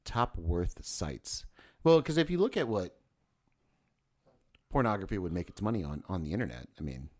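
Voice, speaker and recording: A low-voiced man co-hosting a casual podcast. He sounds lively, and his pitch swings a lot as he jokes around, swears and trips over half-finished phrases. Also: normal speed, pauses often. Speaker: podcast co-host. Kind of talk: casual chat.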